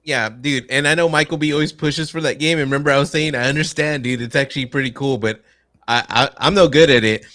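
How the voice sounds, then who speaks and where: A man's voice: mid-range voice, quick pace, pushed and bright. A man co-hosting a casual gaming podcast, talking in an easygoing, agreeable way.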